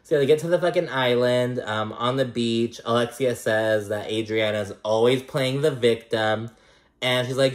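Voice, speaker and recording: Brief: chatty, sassy man, middle pitch, swears freely, roomy recording. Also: moderate pace. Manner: chatty, profane and sassy, many fillers. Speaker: reality TV recap vlogger. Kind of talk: casual gossipy recap.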